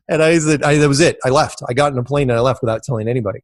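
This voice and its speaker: A fast-talking man with a mid-range voice comes through in a dry, clean studio recording. Telling stories as a guest in an interview, he meanders and repeats words, bringing others' remarks to life with animated quoting.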